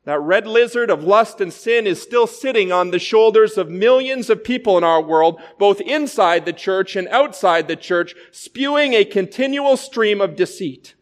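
A man preaching a sermon as a pastor, with measured storytelling delivery. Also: high voice, lively intonation.

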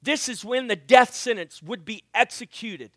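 A man preaching a sermon as pastor, swinging from loud proclaiming to hushed near-whisper and acting out Bible voices with playful asides. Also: very high-pitched, lively intonation, normal speed, no room sound, studio quality.

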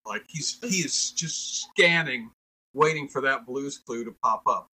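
An older man, a comedian, chatting casually with lively, jokey storytelling. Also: medium pitch, unhurried, husky, rough recording. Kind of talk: casual chat.

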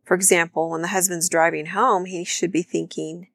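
A woman's voice: fairly low pitch, steady tone, normal speed, creaky, few pauses, no echo, clean studio sound. A woman co-hosting a podcast, thoughtfully giving practical examples of marriage advice. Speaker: podcast co-host. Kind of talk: instructive marriage talk.

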